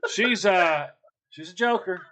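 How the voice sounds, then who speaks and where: A man's voice: sits high, slow, a crowd in the background. A man telling a long, rambling story in casual podcast chat, with many fillers and restarts.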